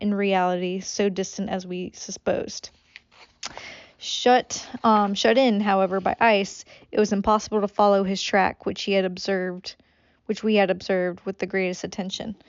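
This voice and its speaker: Recording an amateur audiobook of a classic novel, a woman with a clean, mid-range voice trips over words and stops for sweary asides. There's no room sound, and the high frequencies are cut off.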